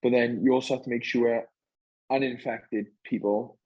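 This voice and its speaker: A man with a Welsh accent, a guest on a podcast, chatting in a relaxed, rambling way with many fillers. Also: medium pitch, normal speed, breathy edge, dull audio. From Wales. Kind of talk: casual chat.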